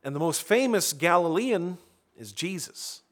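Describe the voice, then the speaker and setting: A man's voice: high voice, expressive, unhurried, fairly bright tone. Man preaching a conversational sermon. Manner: conversational preaching with frequent restarts and asides. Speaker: pastor.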